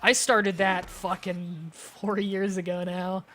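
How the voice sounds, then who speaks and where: A young adult woman streaming a game, chatting casually with animated, profane asides. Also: mid-range voice, takes it slowly, a little hiss or hum. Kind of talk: casual chat over gameplay.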